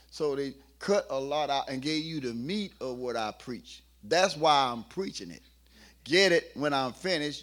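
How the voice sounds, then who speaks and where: A middle-aged pastor preaching a sermon, rising from quiet talk to shouting and acting out the voices in his stories. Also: mid-range voice.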